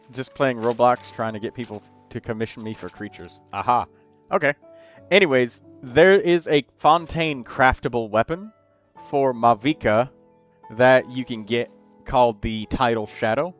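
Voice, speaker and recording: A man's voice: medium pitch, soft background music. A man hosting a game livestream, chatting casually and rambling through build advice. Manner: chatty, rambling, quick asides to chat.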